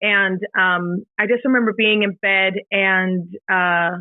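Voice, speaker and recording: A middle-aged woman, a podcast guest, retelling a painful personal story in a halting, emotional way, with many fillers and restarts. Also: medium pitch, steady tone, no echo. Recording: dry, tinny phone-like sound.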